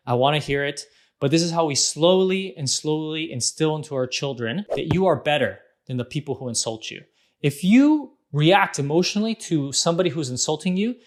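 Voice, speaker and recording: A man in his thirties hosting a parenting talk, speaking casually and animatedly, acting out quotes as he explains. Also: on the high side. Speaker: parenting vlog host. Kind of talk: casual advice monologue.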